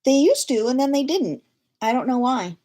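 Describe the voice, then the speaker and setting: A woman's voice: high voice, very animated, moderate pace, warm tone. A woman in her thirties hosting a casual livestream from home, chatty and self-deprecating, laughing often as she talks to viewers. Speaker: livestream host.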